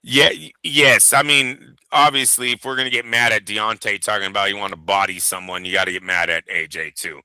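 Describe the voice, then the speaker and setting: A man's voice: lowish voice, fairly even intonation, fairly quick, hardly any pauses, pushed and bright, clear, resonant tone, no echo, poor audio. A man co-hosting a boxing talk show, giving blunt, emphatic opinions with swearing. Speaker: boxing podcast co-host. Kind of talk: casual chat.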